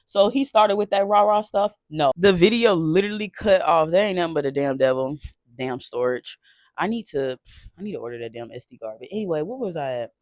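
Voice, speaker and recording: A man telling a painful personal story off the cuff, emotional and halting, swearing and restarting often. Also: a little high, expressive, no echo, clean studio sound. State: shaken while recounting.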